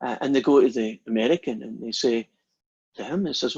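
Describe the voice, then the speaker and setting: A man's voice: mid-range voice, fairly quick, darkish tone, husky. A man giving a university maths lecture, chatty and quizzing the class with questions. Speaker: math lecturer. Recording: dull lo-fi recording.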